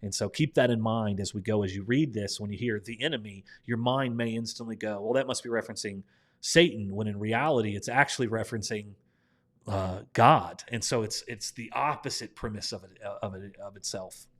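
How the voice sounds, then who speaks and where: A man's voice: fairly low pitch, fairly quick. A young man with a Midwestern American accent, teaching a live-streamed Bible study in a chatty, upbeat way with frequent ums and uhs.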